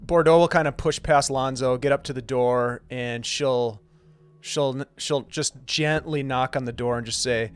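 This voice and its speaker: Smooth-voiced man playing a tabletop game. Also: mid-range voice, steady tone, a little slow, faint music behind. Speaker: player.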